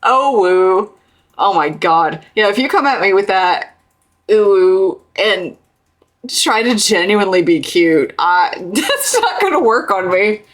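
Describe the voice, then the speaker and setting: A woman's voice: medium pitch, big pitch swings, unhurried, fairly bright tone. A woman streamer reacting to a video in casual chat, laid-back, giggly and casually swearing.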